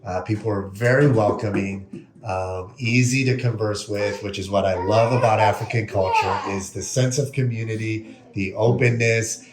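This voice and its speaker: A man's voice: fairly low pitch, fairly even intonation, moderate pace, roomy sound, very noisy. A man hosting a podcast, chatting casually and laughing through his stories. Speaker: podcast host. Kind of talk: casual interview chat.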